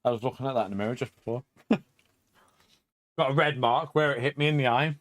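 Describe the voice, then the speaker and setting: A chatty middle-aged man from England talks casually on a home live stream, laughing often as he goes. His voice sits at an ordinary male pitch. The headset sound is dry and close, with no room around it. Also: quick pace, a bit bright, no room sound.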